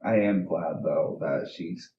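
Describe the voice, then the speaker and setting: A man with a very deep voice interviews a guest, answering gently and with support. He sounds distant from the mic in an echoey room. The audio is dull, with faint music behind. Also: slow pace, a little hiss or hum. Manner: gentle and affirming.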